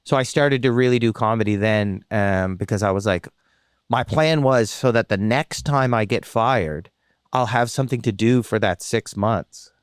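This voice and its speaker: A man's voice: lowish voice, clean tone, dry recording, studio quality. A man from Canada, a comedian and former radio host, telling stories in a casual, rambling, self-mocking way. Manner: chatty, rambling, self-mocking, quick restarts. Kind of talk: casual interview storytelling.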